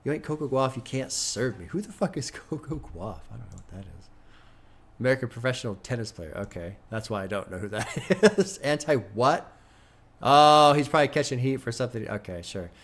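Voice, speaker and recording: Dude reacting to an album on stream, swears a lot, chatty, goes on little rants, middle-pitched voice. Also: male voice, expressive, a little fast. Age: adult with a son. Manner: candid, profane, chatty, breaks into brief rants. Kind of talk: casual live-stream commentary.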